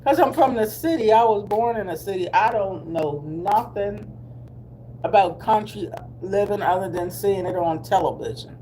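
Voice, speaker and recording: There's slight background noise as a middle-aged vlogger from Delaware, with a mid-range voice and dark tone, chats live with viewers. She speaks Black American English in a slow, drawling, easygoing way full of laughter and asides.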